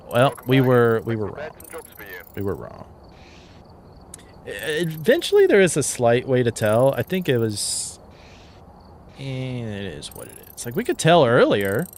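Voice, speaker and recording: A man's voice: mid-range voice, very animated, measured pace, pauses often. A man giving casual commentary while streaming a game, chatty and thinking aloud with frequent fillers.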